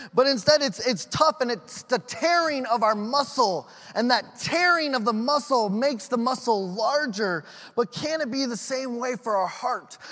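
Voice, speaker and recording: A man preaching a sermon as a pastor, telling stories with animated acted-out voices. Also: very high voice, big-room sound. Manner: animated storytelling with acted quotes.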